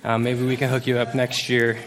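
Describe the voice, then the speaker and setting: Youth pastor, casual sermon to a congregation. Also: male voice, medium pitch, monotone, a little fast. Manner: casual, joking, many fillers. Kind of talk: conversational sermon. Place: church service before a congregation.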